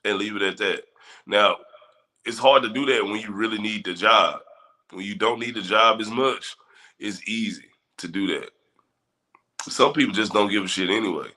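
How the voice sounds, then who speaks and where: A man hosting a casual livestream, giving advice and answering chat viewers in a relaxed, conversational way. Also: fairly low pitch, normal speed, pauses often. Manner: laid-back, talks straight to chat viewers. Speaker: livestream host.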